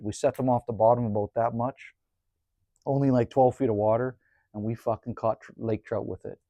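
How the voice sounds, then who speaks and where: A man's voice: medium pitch, no room sound. A man casually telling a story by a woodstove, laid-back and cursing freely, close to the mic. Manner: laid-back, swears freely, animated when retelling. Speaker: cabin vlogger.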